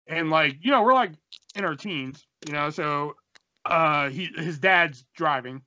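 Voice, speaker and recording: A young man co-hosting a podcast, telling a story in a casual, animated way, swearing and acting out the dialogue. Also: on the high side, unhurried, dull audio. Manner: animated, profane, acts out dialogue. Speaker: podcast co-host.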